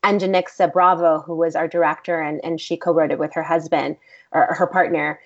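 Animated Texan actress, interview guest, rambling anecdotes, slightly muffled recording. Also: female voice, low-pitched, brisk. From Texas. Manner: animated, rambling, many fillers like "like". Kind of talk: casual interview storytelling.

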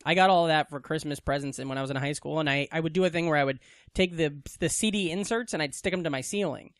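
A man's voice: fairly high pitch, quick pace, no echo, studio quality. A man co-hosting a podcast, chatting casually, swearing and joking and laughing often. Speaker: podcast co-host. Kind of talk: casual banter. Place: apartment in New York.

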